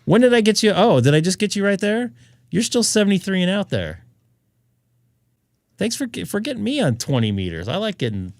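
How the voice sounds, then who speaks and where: A man hosts a ham radio live stream in easygoing chat. He rambles, jokes and laughs between thoughts, his voice swinging widely in pitch. The sound is dry and close. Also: sing-song, fairly quick, no room sound. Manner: rambling and jokey, laughs often.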